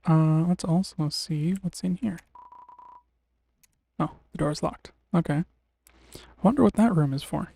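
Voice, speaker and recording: A man streaming a game live, making relaxed, rambling commentary with wry, sarcastic asides. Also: fairly high pitch, unhurried, creaky, pauses often, a little hiss or hum. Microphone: desk mic on a streaming setup.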